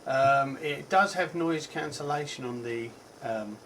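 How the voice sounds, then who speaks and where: A man's voice: medium pitch, measured pace, fairly bright tone, slight background noise, rough recording. A man with a Cockney accent giving a casual, rambling product review, chatty and full of ums and self-corrections. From England. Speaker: tech reviewer.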